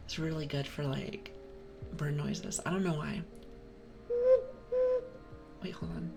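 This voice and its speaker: Low gravelly whispering woman, ASMR stream. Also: fairly even intonation, slow, long pauses, loud music behind the voice, low-quality recording. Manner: soft, rambling, playful whisper to chat. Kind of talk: whispered ASMR livestream chat. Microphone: binaural ASMR mic.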